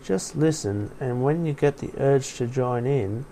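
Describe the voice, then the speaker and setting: Man reading as a calm wolf-man pack leader, gravelly, dark, slow and hypnotic for an audio story. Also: medium pitch, a little hiss or hum, natural voice. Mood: soothing. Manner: slow, soft, soothing and hypnotic.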